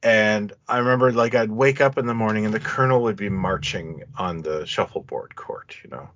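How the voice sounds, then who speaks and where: A man's voice: fairly low pitch, brisk, fairly bright tone, dry recording, lo-fi sound. A man in his fifties in a casual film chat, telling wry anecdotes. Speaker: podcast co-host.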